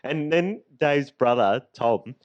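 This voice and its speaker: A man's voice: mid-range voice, animated, slow, no echo, muffled recording. Chatty man telling a story. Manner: laughing anecdote-telling, loose and chatty. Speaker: podcast co-host. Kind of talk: casual storytelling chat. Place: makeshift home podcast studio.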